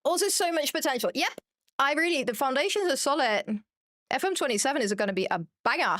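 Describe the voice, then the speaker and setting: A young woman from Germany chats away while she streams a game, quick to poke fun at herself. Her voice sits a touch high. The sound is close and dry, with no room around it. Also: lively intonation, fairly bright tone, dry recording. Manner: chatty and self-mocking, reads chat aloud. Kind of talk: casual chat while gaming.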